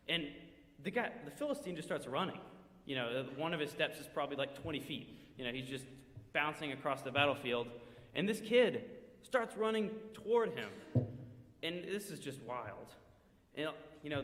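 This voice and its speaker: A man's voice: a little high, lively intonation, a little fast, a bit bright. A man speaking in church, retelling a story vividly in the second person with quoted asides, recorded in a church sanctuary. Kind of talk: sermon storytelling. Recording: echoey church hall with long reverb.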